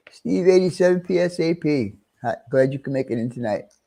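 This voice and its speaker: Middle-aged New York man, casual livestream host, slightly high mellow voice, friendly and chatty. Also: gravelly. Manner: chatty, greeting viewers one by one, chuckling.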